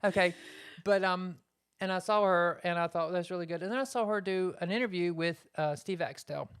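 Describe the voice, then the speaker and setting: A woman ventriloquist chatting in an interview with a low, smooth voice. She tells her story in a loose, rambling way and keeps circling back with fillers. Her delivery is relaxed and conversational. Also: normal speed. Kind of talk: casual interview chat.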